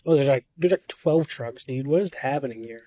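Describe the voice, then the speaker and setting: A young man in a parked or slow-moving car talks into his phone, rambling and swearing as his thoughts wander. He sounds dazed and worn out, and his pitch sits in an ordinary middle range. The sound is close and dry, with no room echo. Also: warm tone, lo-fi sound. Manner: rambling, profane, drifting off topic. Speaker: brother leaving voice messages. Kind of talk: rambling voice message. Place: inside a car on a country road at night.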